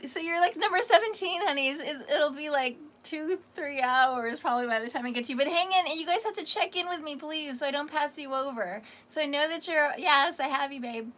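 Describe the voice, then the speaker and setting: A woman from Canada with a slightly raspy voice hosts a casual psychic livestream. She chats warmly with viewers, calling them honey. Her voice sits high and sounds bright and forceful. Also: a little fast, few pauses. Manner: chatty and affectionate, calls viewers honey. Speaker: psychic reader hosting a livestream.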